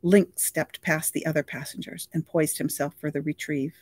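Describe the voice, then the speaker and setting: A reader narrating a novel at a mid pitch, steady and even, close to the mic. The sound is dry, with no room around it. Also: moderate pace, breathy edge, no echo. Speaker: audiobook reader.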